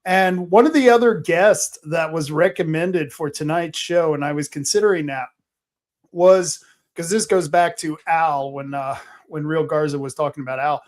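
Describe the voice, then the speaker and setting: A man hosting a casual political panel talk show, rambling and halting with many fillers. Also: a little high. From Oregon. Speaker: host.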